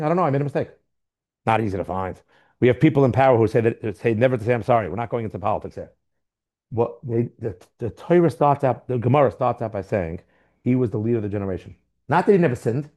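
A rapid-fire man lecturing a Torah class with a mid-range voice. He hammers points with rhetorical questions and repeated words. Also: mid-range voice, a little mellow. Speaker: teacher.

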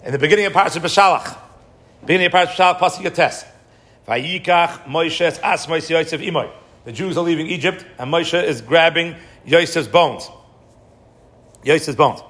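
Male Torah teacher, fairly high voice, animated, quizzes himself as he lectures. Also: moderate pace. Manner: animated, asks and answers his own questions.

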